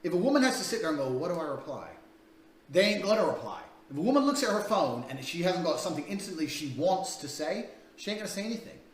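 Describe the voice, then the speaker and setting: A man's voice: sits high, sing-song, fast talker, hardly any pauses. A man coaching in a crude, blunt, profane way, talking through a paid dating course. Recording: echoey room, distant mic, faint ambience.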